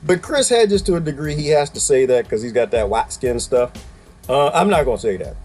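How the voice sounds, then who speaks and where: A man giving casual reaction commentary to a clip, emphatic and animated, throwing out rhetorical questions and laughing as he talks. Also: medium pitch, fairly quick, faint music behind. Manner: colloquial, laughs while talking.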